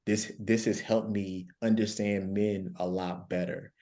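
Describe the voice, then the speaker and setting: This man, appearing as a guest life coach in a panel discussion, shares stories earnestly and repeats important phrases for emphasis. He talks a little slowly, with a warm, lowish voice and a flat delivery.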